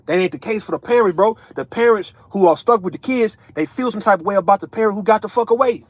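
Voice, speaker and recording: A man's voice: high voice, fast talker, hardly any pauses, no echo. A man, ranting casually as an online commentator, profane and emphatic, tagging lines with right and man. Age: 30s.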